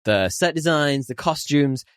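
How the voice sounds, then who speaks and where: Laughing podcast co-host in casual chat. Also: male voice, fairly high pitch, unhurried, clean tone, no echo, studio quality. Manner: laughs often, animated voices when joking. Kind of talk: casual film review chat.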